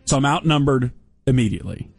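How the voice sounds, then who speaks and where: A man of middle pitch spins a story in a wry, deadpan way, with dry sarcastic asides. His voice is close and dry, with faint music underneath. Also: fast, creaky, no echo. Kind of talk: casual storytelling chat.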